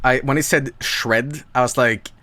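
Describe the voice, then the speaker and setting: A man's voice: steady tone, a little slow, sharp tone, no room sound. Rambling, stammering male streamer. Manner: rambling, stammering repeats, sudden jumps in pitch. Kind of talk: profane live-stream commentary.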